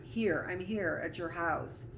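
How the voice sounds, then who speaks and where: A woman's voice: on the low side, takes it slowly, vocal fry, a bit bright, slight background noise, exaggerated voice. A woman reading aloud as a young woman who speaks in a hesitant, apologetic way.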